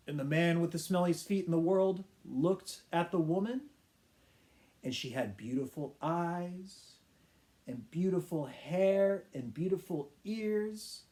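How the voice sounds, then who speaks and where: Brief: man teacher reading a funny tale slowly, mellow and warm, with playful sound effects. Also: sits high. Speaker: English teacher. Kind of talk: children's storytelling for English learners.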